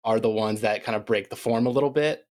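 A man's voice: lowish voice, fast talker, darkish tone. Enthusiastic laughing male co-host. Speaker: co-host and editor. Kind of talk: casual chat.

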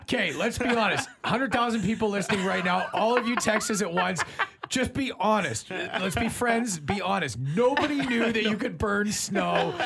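A man in his fifties hosting a radio morning show, chatty and quick to laugh. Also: sits high, gravelly, background noise. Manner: chatty, laughs easily, many fillers. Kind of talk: casual radio banter.

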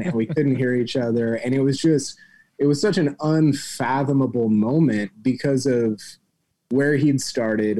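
A man co-hosting a casual golf chat, talking in an excitable, rambling way. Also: medium pitch. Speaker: co-host.

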